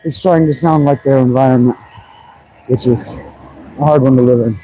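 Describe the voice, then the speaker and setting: A man's voice: mid-range voice, steady tone, moderate pace, mellow, slight background noise, poor audio. A man streaming, chatting casually and loosely, swearing as he muses aloud. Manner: loose and profane, musing aloud. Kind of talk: casual chat.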